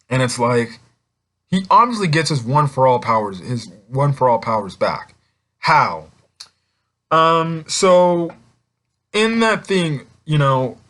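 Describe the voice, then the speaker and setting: A young man excitedly reviewing an anime film in a rambling casual way, with lots of fillers and restarts. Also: mid-range voice.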